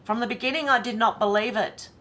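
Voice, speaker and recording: An Australian woman hosting a casual livestream, chatting and reacting out loud. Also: fairly high pitch, fast talker. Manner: chatty, reads comments aloud and reacts with laughs. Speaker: livestream host.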